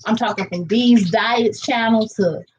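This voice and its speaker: A woman's voice: on the high side, measured pace, darkish tone, a little hiss or hum, rough recording. A chatty woman, rambling casually to viewers while she cooks in her kitchen. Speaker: vlogger cooking live. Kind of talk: casual live-stream chat. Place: home kitchen.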